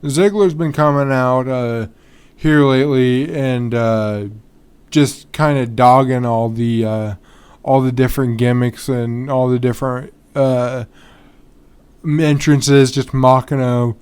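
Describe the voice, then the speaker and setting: A man's voice: medium pitch, steady tone, slow pace, darkish tone, smooth. A man hosting a podcast on his own in a casual, rambling way, full of ums and restarts, yawning and tired. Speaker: podcast host. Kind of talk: casual solo podcast talk.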